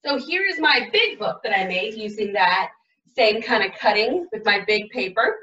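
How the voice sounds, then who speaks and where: A woman teaching a writing lesson to young children, modeling aloud and sounding out letters slowly and with exaggeration. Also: medium pitch, lively intonation, pushed and bright, echoey room, far from the mic, muffled recording.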